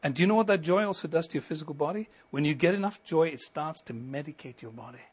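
A middle-aged man preaches from the pulpit with a husky, slightly breathy voice that sits a little high for a man. His delivery swells into ringing emphasis and then falls back to a hushed, close tone. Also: fast. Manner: preaching with rising emphasis and sudden soft drops. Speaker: pastor. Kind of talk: sermon.

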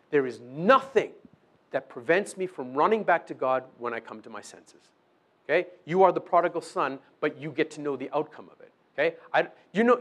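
A male preacher delivering a sermon in a loose, conversational way, often asking his listeners "okay?". His voice sits a little high and swoops up and down with lively intonation. He briefly acts out little exchanges to make his point. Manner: acts out short dialogues with the accuser. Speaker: pastor.

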